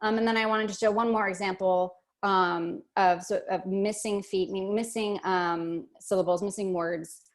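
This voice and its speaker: A woman's voice: medium pitch, steady tone, normal speed, few pauses. A woman teaching an online workshop lesson, chatty and thinking aloud with many fillers and restarts.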